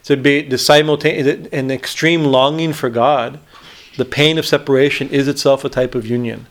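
A man, a swami, teaching on a devotional hymn, with many restarts and frequent "right?" checks, reciting Sanskrit lines slowly. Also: mid-range voice, fairly even intonation. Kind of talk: spiritual discourse on a hymn.

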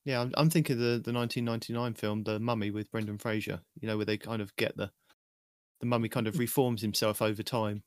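A man's voice: lowish voice, fairly even intonation, quick pace, dry recording, clean studio sound. A man co-hosting a casual podcast, eagerly throwing out theories. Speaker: podcast co-host. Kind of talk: casual chat.

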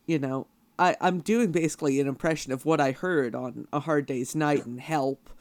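A man's voice: a little high, normal speed, darkish tone, dry recording. A man hosting an interview, asking casual, hesitant questions.

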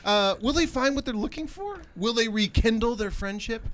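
A man's voice: very high voice, expressive, normal speed, fairly bright tone, a little hiss or hum. A man co-hosting a film podcast, bantering playfully and laughing often. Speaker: podcast co-host, film critic. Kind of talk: casual chat.

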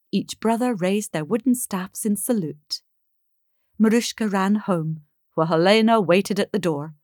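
A woman narrating a fairy tale in an expressive, measured way. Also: mid-range voice, no echo, studio quality. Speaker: storyteller.

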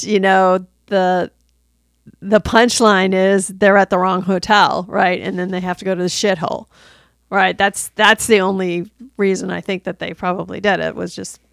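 A woman in casual chat about a movie, explaining loosely and trailing off softly at the ends of phrases. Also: medium pitch, gravelly, no room sound, clean studio sound.

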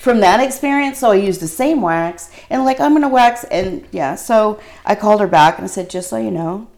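A woman's voice: mid-range voice, moderate pace, vocal fry, a little mellow. A middle-aged woman chats casually, rambling from one half-finished thought to the next. She laughs through her own story, giggly and loose, with a voice in the middle of the usual range. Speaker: guest telling a story. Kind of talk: casual chat.

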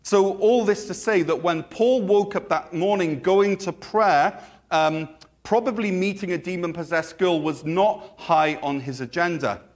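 A man preaching a sermon in a relaxed, joking, conversational way with playful asides. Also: high-pitched, unhurried. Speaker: pastor.

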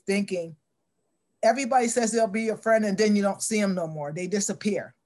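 Middle-aged woman telling a long story, acts out all the voices, lively. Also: mid-range voice, brisk. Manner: animated storyteller acting out quoted dialogue. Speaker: interviewee. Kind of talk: storytelling in an interview.

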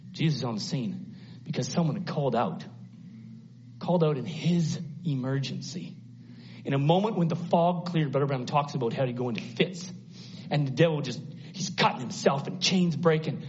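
A man preaches a sermon to a congregation in a high, lively voice. He acts out the voices in the story and swings from hushed, low passages to loud, high ones. The recording is dull and lo-fi, with a faint hiss behind it. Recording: dull lo-fi sound.

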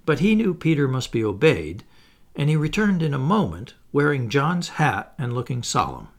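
A man reading a children's story aloud in a gentle, expressive narration. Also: mid-range voice, moderate pace. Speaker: audiobook narrator.

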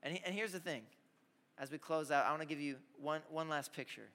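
Energetic young preacher in a reverberant hall. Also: male voice, a little high, brisk. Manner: energetic storytelling with audience call-outs. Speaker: youth pastor. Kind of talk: sermon.

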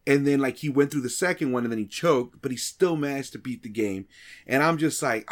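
A male streamer recounts his week in a casual chat, voice sitting in an ordinary middle pitch. He talks loosely and animatedly, swears freely and plays out his own reactions as he goes. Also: fast talker, fairly bright tone. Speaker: streamer and podcast regular.

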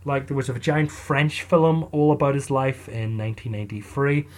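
Speaking at normal speed with a steady tone and medium pitch, a storyteller narrator spins the tale in an ordinary mid-range voice. It's casual, wry and chatty, loosely told and sprinkled with asides to the audience.

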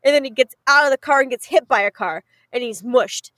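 A young adult woman casually recapping a show, acting out the characters in quick put-on voices. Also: sits high, slight background noise, poor audio. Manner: animated storytelling, acts out characters in quick voices. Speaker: podcast co-host recapping a show. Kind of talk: casual chat.

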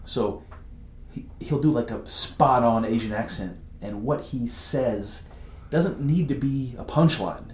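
A man co-hosting a casual podcast chat, rambling and animated, laughing easily as he tells stories. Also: medium pitch, unhurried, echoey room, dull audio. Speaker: podcast co-host.

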